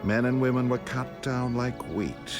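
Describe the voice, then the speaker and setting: An actor playing an older wizard who narrates his own story in a measured, solemn storytelling voice. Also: medium pitch, fairly even intonation, lightly acted. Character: older male wizard recalling his life. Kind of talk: film narration. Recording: music under narration.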